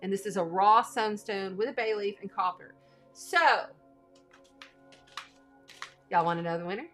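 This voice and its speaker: Woman, astrology host, excitable casual chatter, bright tone. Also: medium pitch, measured pace, faint music behind. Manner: gushing, bubbly, excitable. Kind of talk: casual livestream giveaway chat.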